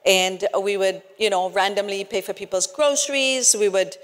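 Woman speaker for a casual sermon; mid-pitched, chatty, restarts often; long hall reverb. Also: moderate pace. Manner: chatty, tag questions like "right?", frequent restarts. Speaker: speaker at a church gathering. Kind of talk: conversational sermon with personal stories.

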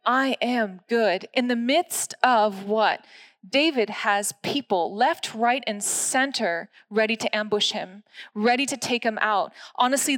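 A woman preaching in a sermon style, earnest and conversational, with laughs slipping in between her points. Her voice sits at an ordinary middle pitch. The sound is dry and close, with no room echo.

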